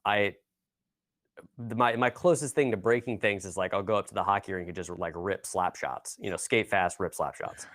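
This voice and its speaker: A man's voice: deep voice, normal speed, fairly bright tone, no echo, studio quality. A man hosting a podcast, musing in a thoughtful, casual way. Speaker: podcast host. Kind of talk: podcast conversation.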